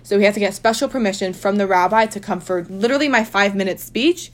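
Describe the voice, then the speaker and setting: A woman's voice: medium pitch, fast talker. A young adult woman telling a personal story in a casual, chatty way. She fills her speech with "like" and speaks with emphasis. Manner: chatty, heavy use of "like", emphatic.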